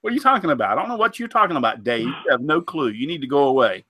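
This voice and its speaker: A man's voice: mid-range voice, expressive, rapid-fire, pushed and bright, a little hiss or hum. A man, congested from a cold, hosting a casual woodworking live stream with a rambling manner, lots of fillers and tripping over names. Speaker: host of a woodworking live show.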